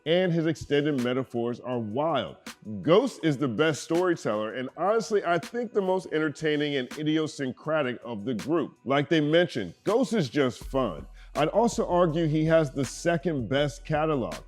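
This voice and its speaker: Animated male commentary host. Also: a little high, moderate pace, soft background music. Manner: animated, wry asides. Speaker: host reading viewer comments. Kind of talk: casual commentary.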